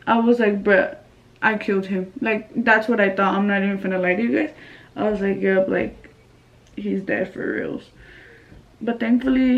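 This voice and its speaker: A woman's voice: on the high side, recorded from a distance, muffled recording. Slangy young Californian woman telling a story. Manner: slangy, chatty, sprinkles Spanish phrases. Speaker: vlogger. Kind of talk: casual storytime.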